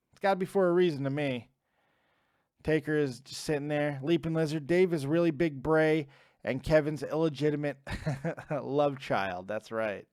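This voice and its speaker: A man's voice: fairly high pitch, a little mellow, no echo, studio quality. A young man hosting a live stream, reading viewer comments aloud and replying in a casual, swearing manner. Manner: casual, swears freely, reads chat names aloud. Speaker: host reading live chat.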